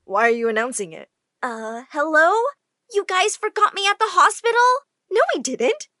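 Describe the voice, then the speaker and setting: A wealthy mother who gushes sweetly one moment and scolds curtly the next, as a woman narrator puts her on in an animated story. The voice is high and lively with big swings in pitch. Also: moderate pace, no echo, studio quality. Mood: scolding. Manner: gushing to one child, curt and scolding to the other. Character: doting, dismissive adoptive mother.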